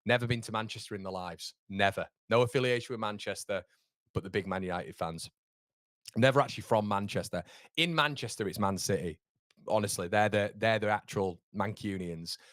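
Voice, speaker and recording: A man's voice: fairly low pitch, brisk, fairly bright tone, no room sound, studio quality. A man from York, hosting a live football watchalong in a chatty, rambling way with frequent laughter. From York, England. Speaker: watchalong host.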